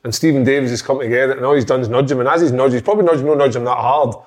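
A man's voice: medium pitch, fairly even intonation, rapid-fire. A Scottish man co-hosting a casual football podcast, telling stories animatedly and swearing freely. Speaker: podcast co-host.

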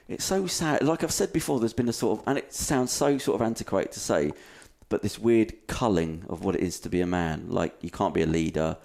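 A man's voice: lowish voice, normal speed, vocal fry, a little mellow. A man, co-hosting a casual podcast chat, rambling and swearing freely and poking fun at himself. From England. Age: 30s. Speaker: podcast co-host.

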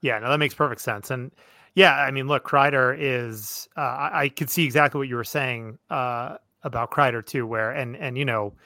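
Bright-voiced man hosting a casual podcast. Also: medium pitch, moderate pace, gravelly, dry recording. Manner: thoughtful, analytical, many fillers and restarts. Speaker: podcast host. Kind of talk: casual chat.

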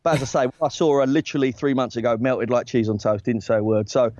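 A man in his forties, a talent agent appearing as a guest, rambles through casual anecdotes in a self-deprecating way, often restarting and laughing. His mid-range voice is steady, quick and a little mellow. He's outdoors in a hammock, recorded on earbuds, and the sound is dry and slightly dull.

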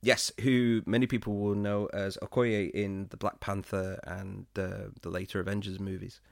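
A man from Britain co-hosting a film podcast in a casual, chatty way, often breaking into laughter and getting animated when something excites him. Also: on the low side, normal speed, creaky, no echo, studio quality. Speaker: podcast co-host.

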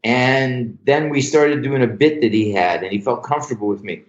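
An older man, a comedy writer as a podcast guest, telling show-business stories in a lively, profane, casual way. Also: medium pitch, normal speed. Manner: animated anecdotal storyteller, swears freely. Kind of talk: casual storytelling interview. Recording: roomy, dull lo-fi sound.

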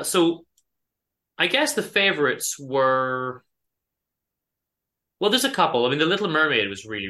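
A man co-hosting a casual book podcast, retelling stories with animation and many ums along the way. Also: medium pitch. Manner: animated storytelling, acts out characters; many ums and self-corrections. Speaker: podcast co-host.

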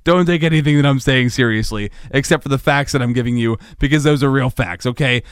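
A man hosting a solo comedic podcast, rambling goofily and jumping into high-pitched mock panic. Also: fast talker, smooth, dry recording, studio quality. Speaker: podcast host.

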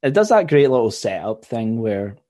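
A man's voice: mid-range voice, big pitch swings, moderate pace, dark tone. A man, a podcast guest in casual chat, laid-back and often trailing off.

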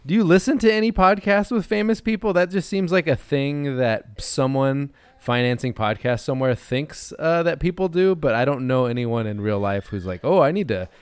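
Laid-back man with a smooth voice. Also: mid-range voice, moderate pace, hardly any pauses, dry recording. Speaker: guest comedian. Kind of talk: casual comedic banter.

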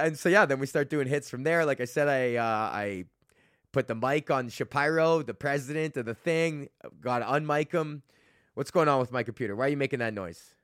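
A Canadian comedian in his thirties hosts a casual solo podcast, rambling, swearing freely, mocking himself, and laughing often. His mid-range voice is a bit bright, captured in a dry, clean studio recording.

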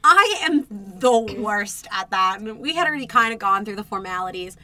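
A young woman co-hosting a podcast, telling a dating story in casual chat, animated and swearing, acting out her own reactions. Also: medium pitch, normal speed. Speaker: podcast co-host.

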